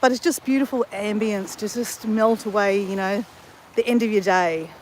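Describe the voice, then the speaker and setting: A woman's voice: mid-range voice, normal speed, slight background noise. An Australian woman chatting casually to viewers on a livestream from a beach, rambling and correcting herself as she talks. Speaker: livestream vlogger. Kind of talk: casual live chat to viewers. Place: outdoors on a beach.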